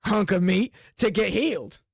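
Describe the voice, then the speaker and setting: A man voicing a big, brash woman who is a hearty tavern brawler, talking in a folksy, drawn-out way. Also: high-pitched, lively intonation, gravelly, dry recording, studio quality, full character voice.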